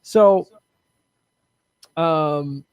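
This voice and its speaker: A man's voice: fairly high pitch, drawn-out words, smooth, no echo. Playful, dry-sounding man co-host. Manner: playful, laughing, slips into joke accents. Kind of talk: casual political comedy chat.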